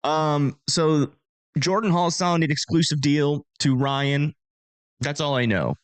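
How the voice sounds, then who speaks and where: A man's voice: a little high, slow, dry recording. Chatty thirty-something man, dry close sound. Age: 30s. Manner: chatty, reads donations aloud, self-deprecating. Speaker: storm-chasing livestream host. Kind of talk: casual livestream chat.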